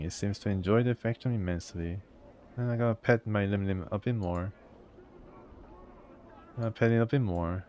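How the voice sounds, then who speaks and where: A man's voice: on the low side, a little mellow. A man casually playing through a video game, reading its text aloud and chatting about it. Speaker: gamer.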